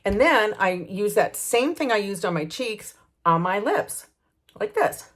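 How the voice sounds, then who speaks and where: A woman in her sixties chatting casually through her makeup routine, often pausing and restarting. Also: medium pitch, lively intonation, a bit bright. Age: 60s. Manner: chatty, thinking aloud with fillers and restarts. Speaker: lifestyle vlogger.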